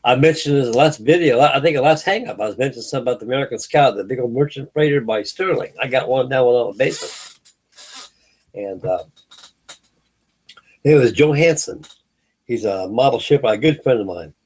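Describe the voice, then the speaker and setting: A man's voice: medium pitch, fairly quick, long pauses, a little mellow, slightly rough. A middle-aged man from California hosting a late-night live hangout stream, chatting casually and telling rambling stories full of fillers and restarts. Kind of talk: casual chat.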